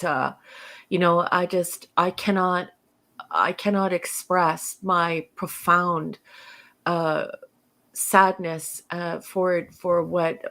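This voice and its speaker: Woman co-host with a low gravelly voice. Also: a bit bright. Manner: earnest, hesitant, lots of fillers. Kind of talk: casual live-stream chat.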